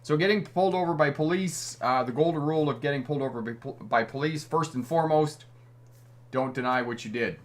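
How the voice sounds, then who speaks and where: A man's voice: on the high side, brisk. Chatty man hosting a driving livestream. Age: middle-aged. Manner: friendly, chatty, reads out comments, chuckles often. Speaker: driving instructor and livestream host. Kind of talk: live-stream chat answering viewer comments.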